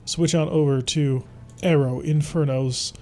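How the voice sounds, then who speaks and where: Man, playful game commentary, slightly high voice, faint background noise. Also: steady tone, measured pace, darkish tone. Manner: playful, theatrical, talks to enemies. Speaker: gameplay commentator. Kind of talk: let's-play commentary.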